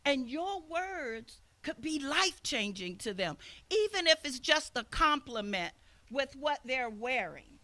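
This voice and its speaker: An older woman preaches a sermon at an outdoor service, telling a personal story in an earnest way. Her voice is bright and sits fairly high, and she acts out the people she quotes. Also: big pitch swings, unhurried. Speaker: minister.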